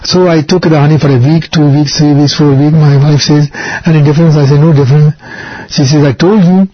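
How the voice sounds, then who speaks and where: Husky older man, earnest halting storyteller. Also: a little high, little pitch movement, no echo. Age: over 60. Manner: earnest, repetitive, halting with many restarts and fillers. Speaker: interview guest. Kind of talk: personal storytelling in a radio interview. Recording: muffled lo-fi radio interview.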